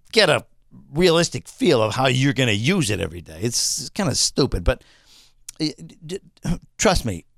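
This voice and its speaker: A man's voice: mid-range voice, a bit bright, clean tone, dry recording, studio quality. A man ranting casually to camera, exasperated, swearing and stumbling over restarts. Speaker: vlogger reviewing a phone.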